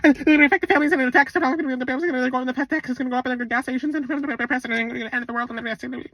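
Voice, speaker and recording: A man voicing a panicky worrier who stammers through a rapid run-on string of fears. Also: very high voice, steady tone, fairly bright tone, no echo, distant mic, pitched above the performer's own voice, heavily acted. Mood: frantic. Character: panicky adult worrier, frantic and breathless.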